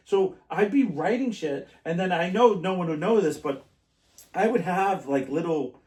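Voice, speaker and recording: A man's voice: a little high, animated, measured pace, a little mellow. A man hosting a podcast, telling rambling stories in casual chat and laughing often. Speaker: podcast host. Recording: echoey room, mic at a distance.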